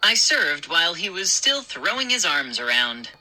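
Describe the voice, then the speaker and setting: A woman reading a scary children's story aloud as the show's storyteller, in a measured, expressive way. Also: fairly low pitch, low-quality recording.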